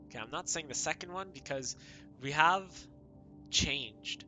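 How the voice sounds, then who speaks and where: A man commenting on a story game for a live stream, chatty and quick to exclaim. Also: mid-range voice, expressive, over music. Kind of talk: let's play commentary.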